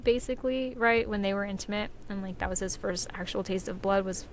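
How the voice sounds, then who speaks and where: A woman's voice: medium pitch, brisk, slight background noise. A young woman on a podcast, chatting casually and rambling with lots of fillers and frequent laughter. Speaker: podcast co-host and author. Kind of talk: casual chat.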